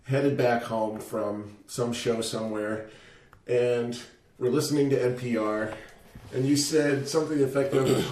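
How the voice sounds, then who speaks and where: A man hosting a casual chat, relaxed and chuckling as he rambles through stories. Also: medium pitch, measured pace, far from the mic, slight background noise. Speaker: podcast host. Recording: roomy echo.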